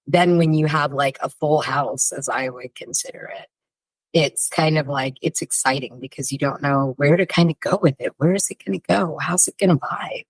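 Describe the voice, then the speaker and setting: A woman's voice: sits low, moderate pace, breathy edge, no room sound, poor audio. A woman hosting a casual podcast chat, bubbly and loose, peppering her talk with "like" and the odd swear word. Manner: bubbly, swears freely, lots of "like". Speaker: podcast host.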